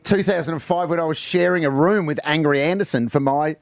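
Australian male host, middle-aged, higher pitch, dry booth sound, easygoing storyteller. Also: brisk, gravelly, no room sound. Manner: chatty, laughs easily while telling stories. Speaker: radio host. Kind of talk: casual chat.

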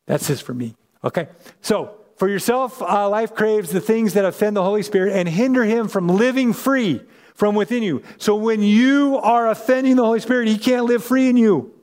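A man's voice: high voice, normal speed, a little mellow, big-room sound. A man preaching as a pastor, teaching scripture in an emphatic, conversational way that keeps checking in with his listeners. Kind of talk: sermon, Bible teaching.

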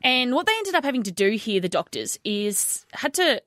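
An Australian woman co-hosting breakfast radio, spinning a story with animated, playful emphasis. The recording is dry and close, taken from a studio microphone. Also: a little high, normal speed, no room sound. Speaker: radio co-host. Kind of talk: casual breakfast radio chat.

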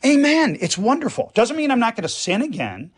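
A man's voice: extremely high pitch, sing-song, fairly quick, husky. A man, a priest, talking earnestly on a radio show and explaining with everyday examples. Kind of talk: radio conversation.

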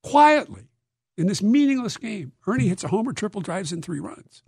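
A man, an author being interviewed, telling stories in a lively, dramatic way and acting out quotes. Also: high voice, moderate pace, gravelly, slightly rough, dry recording, clean studio sound. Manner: lively, dramatic storyteller who acts out quotes. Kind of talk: animated interview storytelling.

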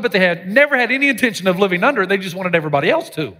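Animated preaching pastor in a reverberant hall. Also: male voice, high voice, very fast, few pauses. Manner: animated preaching with jokes and sudden shouted lines. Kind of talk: sermon. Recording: live sermon with long hall reverb.

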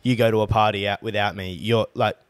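A young man with a lowish voice and a blunt, emphatic way of talking, swearing freely as he co-hosts a casual chat. The sound is dry and close. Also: steady tone, brisk, clean tone, dry recording. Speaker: podcast co-host.

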